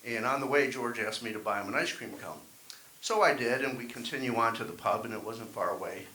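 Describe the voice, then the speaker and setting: A man's voice: mid-range voice, animated, brisk, bright, forceful tone. A man performing a wry, self-deprecating stand-up set at an open mic. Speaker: stand-up comedian. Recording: echoey room, faint hiss.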